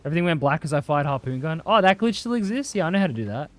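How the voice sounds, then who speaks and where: A man's voice: on the high side, animated, racing. A young Australian man chatting casually and rambling while he streams a game, swearing freely and answering chat. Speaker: livestreamer.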